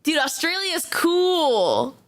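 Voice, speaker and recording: A young woman streaming live, chatting casually as she reacts to videos, excitable, laughing often and swearing freely. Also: extremely high pitch, slow. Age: young adult.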